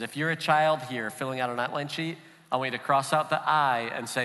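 A man pastor giving a sermon in a relaxed, conversational way. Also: mid-range voice, brisk, big-room sound, a little hiss or hum. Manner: relaxed and conversational, with light laughs. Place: church auditorium.

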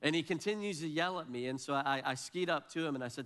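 A man's voice: a little high, quick pace, fairly bright tone, clean tone. A man in his forties, a pastor preaching a sermon and telling a personal story with self-deprecating humor.

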